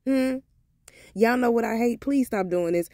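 A woman's voice: on the high side, unhurried, mellow, no room sound, clean studio sound. A woman with talking straight to her viewers in a casual vlog, sassy and heated as she gives her opinions. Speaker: motivational vlogger.

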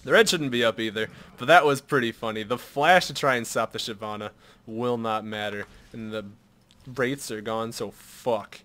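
A young man giving live commentary over his own game at a computer, swinging from muttered asides to loud shouts at big plays and swearing casually. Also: medium pitch, normal speed. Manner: swears and jokes casually, mutters to himself while shopping. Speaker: gameplay commentator.

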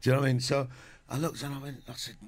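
A middle-aged man, an animated storyteller chatting as a guest in a radio studio. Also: medium pitch, very fast. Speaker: guest actor. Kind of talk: casual radio chat.

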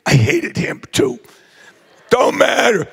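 An older man, giving a rowdy acceptance speech full of brash shouted jokes. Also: very high voice, huge pitch swings, takes it slowly, gravelly, husky, big-room sound. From New Jersey. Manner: boisterous, shouting, brash joking. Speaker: hall of fame inductee.

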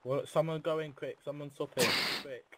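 A man making quick, urgent callouts to teammates over gaming voice chat. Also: fairly high pitch, fairly even intonation, background noise.

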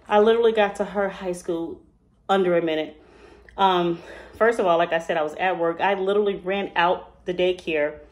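Woman, casual vlog storytelling, emotional, rambling, fillers. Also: medium pitch. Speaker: mother telling a personal story.

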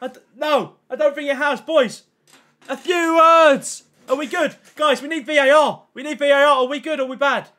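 A young man keeps up casual, slang-heavy chatter on his gaming stream, thanking chat all the time and shouting his reactions to pack openings. His very high voice moves at a quick pace with few pauses.

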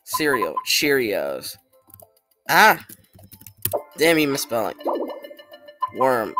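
Casual male YouTuber with hiccups, leisurely delivery over soft background music. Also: mid-range voice, big pitch swings, extremely slow. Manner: chatty, apologetic, reads on-screen text aloud. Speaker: YouTuber trying web experiments. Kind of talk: casual gameplay commentary.

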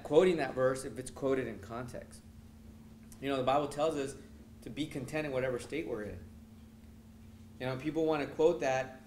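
A man preaching a sermon as pastor, reading scripture and growing more emphatic, with halting self-corrections between verses. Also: medium pitch, a little hiss or hum. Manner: reads scripture in King James wording, rising louder and more emphatic as he preaches.

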